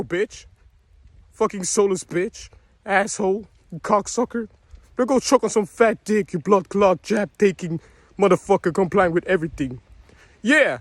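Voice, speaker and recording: A man's voice: high voice, moderate pace, no room sound. A man delivering an angry, profane, rambling vlog rant, mocking others in quoted voices. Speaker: vlogger. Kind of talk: ranting monologue to camera.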